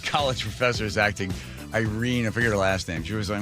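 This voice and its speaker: A man hosting a talk radio show in a studio, chatting casually and telling stories, acting out quotes in a high voice and laughing often. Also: fast talker, over music. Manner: animated storyteller, acts out quotes in a high voice, laughs a lot. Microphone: studio microphone.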